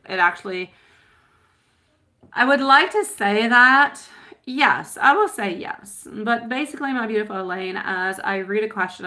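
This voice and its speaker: A woman with a medium-pitched, sharp-toned voice reads tarot on a live stream. She chats with viewers in a chatty, rambling way full of fillers, calling them sweetie and my love.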